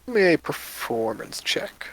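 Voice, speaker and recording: A man with a mid-pitched voice narrates a tabletop game casually, rambling and filling pauses with ums and uhs. He sounds close to the mic in a dry, dead space. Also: very animated, creaky, husky, dry recording, poor audio. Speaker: game master.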